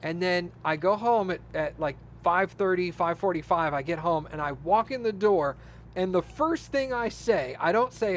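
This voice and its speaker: A man's voice: sits high, expressive, moderate pace, slight background noise. A man streaming a game, chatting casually and laughing his way through a story. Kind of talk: casual chat while gaming.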